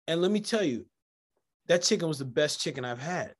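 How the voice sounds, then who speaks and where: A man hosting a casual conversation, telling animated stories and acting out the voices of people in them. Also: on the high side, fairly quick. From United States, Jamaican family. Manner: animated storyteller, acts out quoted voices. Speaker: podcast host.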